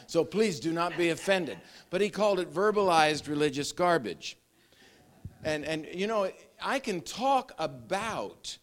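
Older male pastor with a rather high voice; conversational sermon, frequent restarts and small chuckles. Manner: conversational, repeats words, chuckles.

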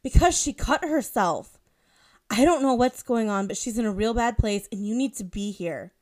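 A woman's voice: mid-range voice, a little fast, close to an everyday voice. A woman voicing an angry, frightened young woman who speaks sharply and urgently. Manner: sharp and urgent, then muttering.

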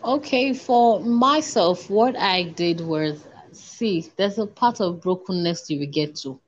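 A woman's voice: on the low side, lively intonation. Earnest woman, muffled sound. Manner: earnest, repeats herself, slows and drops to a hush when recalling prayers. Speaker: interview guest. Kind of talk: emotional personal testimony.

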